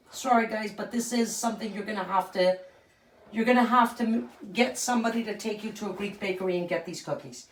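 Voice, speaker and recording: A woman with a fairly high voice talks through a recipe at home, explaining each step in an easygoing, chatty way. Her voice carries a noticeable room echo from the kitchen around her. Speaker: cooking show host. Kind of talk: casual cooking demonstration.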